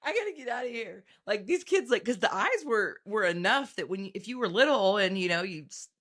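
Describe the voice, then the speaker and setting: A middle-aged woman co-hosting a podcast, chatting casually and telling animated stories with sudden high-pitched acted-out moments. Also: a little fast. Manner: animated storytelling, jumps into high excited voices when acting out scenes. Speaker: podcast co-host. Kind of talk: casual chat.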